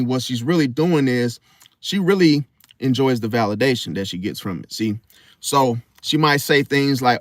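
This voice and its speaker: A man's voice: medium pitch, lively intonation, unhurried, dry recording, studio quality. A young man giving a blunt, emphatic casual monologue about astrology, often stopping and restarting. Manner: emphatic, repeats "see?", blunt and profane; stop-start restarts. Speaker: astrology commentator.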